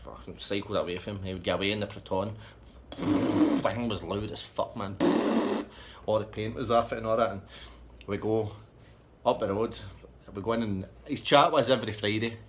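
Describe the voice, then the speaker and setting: A Scottish man with a Scottish accent telling a sweary, rambling comic anecdote in a deadpan way. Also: on the low side, moderate pace, noisy background. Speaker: storyteller.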